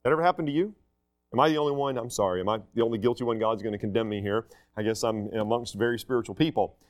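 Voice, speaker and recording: A man's voice: medium pitch, quick pace. A middle-aged man preaching a sermon in a conversational, self-deprecating way with humor.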